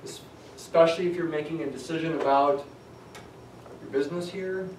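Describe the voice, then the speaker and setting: A man's voice: fairly high pitch, fairly even intonation, a little fast. A man teaching a statistics class, talking conversationally and thinking aloud as he works through examples. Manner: conversational, thinks aloud with restarts, tells asides. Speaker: statistics lecturer. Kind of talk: classroom lecture. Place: lecture hall. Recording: echoey classroom, distant mic, faint hum.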